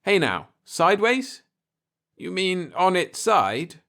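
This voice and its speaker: A man's voice: high-pitched, very animated, slow pace, fairly bright tone, pitched above the performer's own voice, exaggerated voice. A man voicing a young bearded beatnik TV repairman who talks in confident hip slang. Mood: easygoing.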